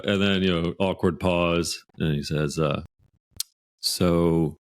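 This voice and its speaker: A Canadian man, a podcast guest, telling a workplace anecdote in a lively, animated way. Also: sits low, slow. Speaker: guest author. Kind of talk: podcast storytelling.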